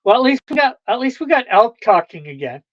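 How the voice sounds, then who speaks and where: A woman's voice: a little high, big pitch swings, a little fast, no echo, muffled recording. A woman hosting a livestream, chatting casually with viewers, rambling and laughing often. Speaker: livestream host.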